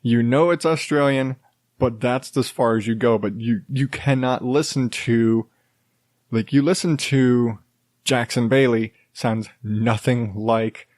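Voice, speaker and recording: A man's voice: mid-range voice, fairly even intonation, slow, a little mellow, dry recording, studio quality. A man hosting his own podcast, talking alone in a loose, rambling way, full of fillers and restarts. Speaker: podcast host. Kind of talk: casual solo podcast rambling.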